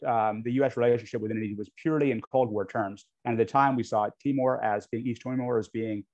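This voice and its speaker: Fast-talking and a little mellow, this American guest speaker has a medium-pitched, steady voice as he discusses US-Indonesia relations. He is from the United States, speaks frankly and off the cuff with plenty of ums and restarts, and is recorded on dull lo-fi audio.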